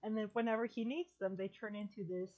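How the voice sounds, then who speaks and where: A woman in casual chat, rambling and restarting as she explains something, swearing freely along the way. Her voice sits in an ordinary middle pitch. The recording sounds dull and lo-fi. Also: steady tone, fast talker, a little mellow. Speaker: streamer and podcast guest.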